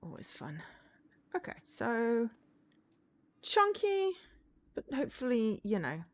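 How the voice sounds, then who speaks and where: A woman's voice: fairly high pitch, wildly swooping pitch, slow pace. A woman game streamer chatting casually with her viewers, rambling with lots of fillers and easy laughs. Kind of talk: casual gameplay chat.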